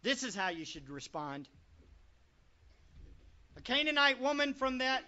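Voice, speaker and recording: High, bright preacher firing off rhetorical questions. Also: a little slow. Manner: animated, swings between loud and quiet. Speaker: pastor. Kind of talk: sermon. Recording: dull lo-fi recording.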